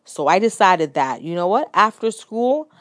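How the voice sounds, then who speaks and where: A woman in her thirties talks through a personal story on her podcast, candid and reflective, doubling back with restarts and little asides. Her voice sits low, and the recording is close and dry, with no room sound. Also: very animated, moderate pace, dry recording. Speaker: podcast host.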